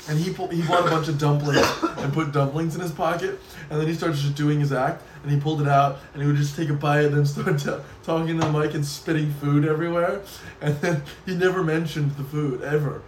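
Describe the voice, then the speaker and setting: A man's voice: on the high side, brisk, reverberant, distant mic, slight background noise. A young man co-hosting a podcast, telling stories animatedly and laughing often. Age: young adult. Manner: animated storyteller, laughs a lot. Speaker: podcast co-host. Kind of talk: casual chat, storytelling.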